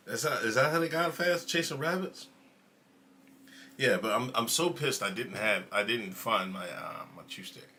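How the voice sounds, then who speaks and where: A man's voice: medium pitch, lively intonation, unhurried, pauses often, sharp tone, slight background noise. A man hosting a casual livestream, rambling through stories with frequent laughs and swearing, sometimes dropping to a near whisper. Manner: loose rambling storytelling, frequent laughs and profanity. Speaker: streamer host.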